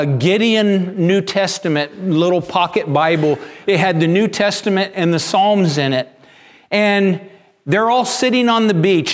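A pastor delivers a sermon in an unhurried, measured way, often stumbling and repeating words as he tells his story. His voice is a man's, sitting noticeably high for a man.

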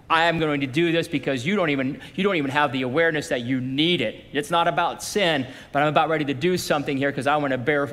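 A man preaches to his congregation in a loose, conversational way, stepping into quoted voices as he goes. His voice sits high for a man. The sound carries a long reverb from a large hall. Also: a bit bright. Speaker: pastor. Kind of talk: sermon.

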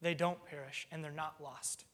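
Guy preaching a sermon, fairly high voice, earnest, explains stuff with simple examples, long reverb. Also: fairly even intonation, moderate pace, fairly bright tone.

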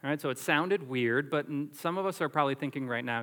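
A man preaching a sermon as pastor, animated and emphatic, drawing on everyday illustrations. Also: a little high, fast talker, few pauses, in a large hall.

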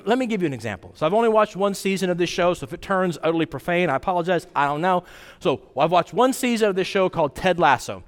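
Male pastor, high voice, casual storytelling sermon, long hall echo. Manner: animated storytelling, acts out quotes with pitch jumps.

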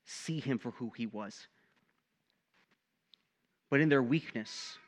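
A young male pastor delivers his sermon in a casual, animated way, peppering it with "right?" asides. His voice sits a little high and rings bright and forward. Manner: animated, conversational preaching with frequent "right?" asides.

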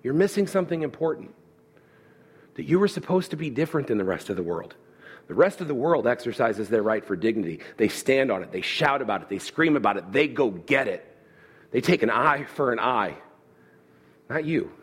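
A man preaching a sermon with animated delivery who voices the listeners' objections as questions. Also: mid-range voice, brisk, husky. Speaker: pastor.

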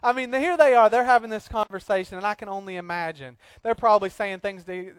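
A man preaching a sermon in an animated, joking way, acting out little scenes between points. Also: sits high, fast talker, hardly any pauses, smooth, dry recording. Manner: animated, jokey preaching with acted-out asides. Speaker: pastor.

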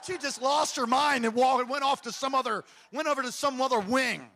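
A middle-aged man from Hawaii, preaching a sermon as a pastor, telling a story with passion and swinging from hushed tones to shouts. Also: extremely high pitch, fairly quick.

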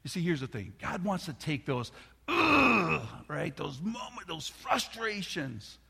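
Middle-aged man, pastor preaching a sermon, loose storytelling with restarts, forceful tone, hall reverb. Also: fairly high pitch, sing-song, normal speed, vocal fry, slightly rough. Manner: drops to soft near-whisper. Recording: long reverb of a large hall.

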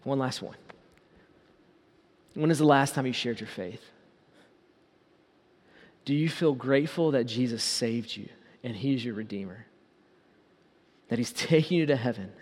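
A man preaching a sermon as pastor, asking the congregation rhetorical questions and slowing down on key words. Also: mid-range voice, a little mellow, big-room sound.

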